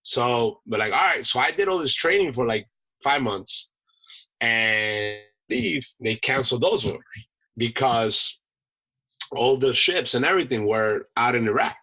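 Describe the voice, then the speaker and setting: A man with a husky, raspy voice and a forceful, bright edge, spinning animated stories in a relaxed podcast interview. He is a Marine veteran and chef, peppering his talk with "man" and "you know". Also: mid-range voice, measured pace, rough recording. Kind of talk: casual anecdote-telling in an interview.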